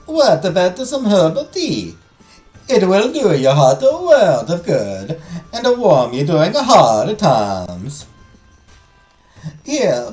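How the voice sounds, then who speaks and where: A man voices a cheerful, pushy spice and tea merchant, using a fake Italian accent and a high, drawn-out sales pitch with a warm tone. The room is echoey, with faint music.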